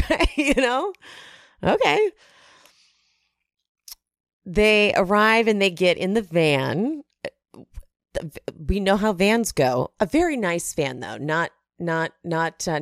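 A woman hosting a casual reality TV recap, chatty with animated asides. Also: fairly low pitch, slow pace, no echo, studio quality. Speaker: recap podcast host.

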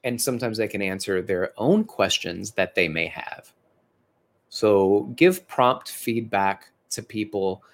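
A man, a fitness educator and personal trainer, giving a conversational instructional lecture in an earnest, encouraging way with occasional self-corrections. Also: mid-range voice.

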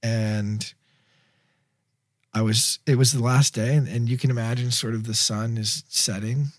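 A man's voice: mid-range voice, measured pace, no echo. A man, a film director, casually telling a long anecdote in an interview, rambling with lots of fillers. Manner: rambling, filler-heavy, animated storyteller.

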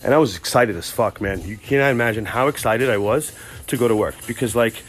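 A man hosting a podcast, telling a rambling, profane, excitable comic story from work. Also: medium pitch, brisk, faint music behind. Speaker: podcast host. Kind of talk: casual comic storytelling monologue.

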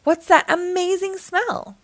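A woman voicing an eager, excited little boy who keeps exclaiming. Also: extremely high pitch, slow, voice pushed up.

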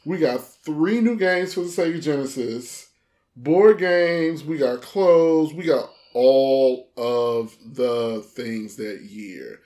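A man co-hosting a podcast in casual chat, relaxed and reacting to his co-host with short affirmations. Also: mid-range voice, slow.

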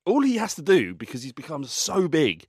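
A man as a podcast guest in a studio, talking in animated, self-mocking banter. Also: fairly high pitch, moderate pace, husky, no room sound. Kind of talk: casual chat.

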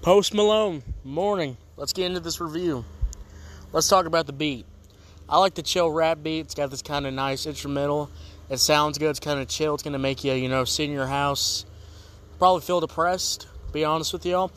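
A man's voice: a little high, steady tone, fairly quick, a bit bright. A man hosting a casual comedic music review show, rambling and joking in a laid-back way.

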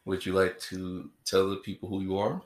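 A man's voice: deep voice, level tone, normal speed, roomy sound. A man hosting his podcast in casual chat, joking and playful, rambling along as he talks to a co-host.

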